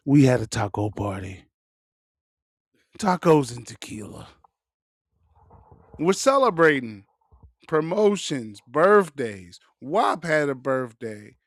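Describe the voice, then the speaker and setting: A man's voice: medium pitch, sing-song, slow pace, pauses often, dry recording, clean studio sound. A man hosting a podcast, riffing in loose, profane, joking casual chat. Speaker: podcast host.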